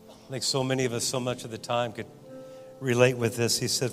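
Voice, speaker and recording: A man preaching a sermon in a church, swinging from loud exhortation to soft, quiet prayer. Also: mid-range voice, steady tone, normal speed. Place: church sanctuary. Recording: church hall reverb with guitar music.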